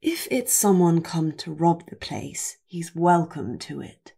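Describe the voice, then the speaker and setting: Woman narrating a curt young lord, low and gravelly. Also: expressive, takes it slowly, mellow, full character voice. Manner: curt, savage. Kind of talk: audiobook character voice.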